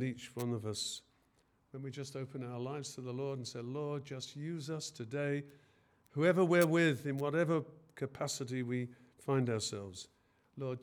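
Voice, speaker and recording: A man's voice: medium pitch, darkish tone. A man preaching a sermon in an earnest way, often hesitating and rising in force on key phrases.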